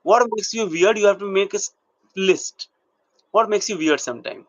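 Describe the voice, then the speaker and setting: A male acting coach leads his class through an exercise, laying it out step by step and stopping to ask whether it is clear. His voice sits a little high. The recording is dull and lo-fi. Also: normal speed, dry recording. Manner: explains step by step and checks in with the class.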